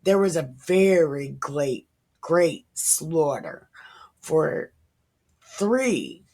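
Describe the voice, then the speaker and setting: A woman's voice: sits low, expressive, extremely slow, dark tone. A woman in her thirties reading the Bible aloud and musing over it in a casual, irreverent way. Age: 30s. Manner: musing, irreverent, slips into whispers. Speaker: Bible reader.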